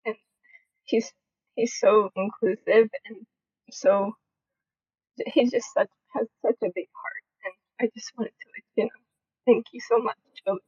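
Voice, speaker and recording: A woman's voice: fairly high pitch, fairly even intonation, measured pace, long pauses, a little mellow, breathy edge, no room sound. A shy woman co-host giving an emotional thank-you, laughing nervously as she speaks. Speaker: co-host of an online audio room. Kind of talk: heartfelt thank-you speech. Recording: dull lo-fi audio.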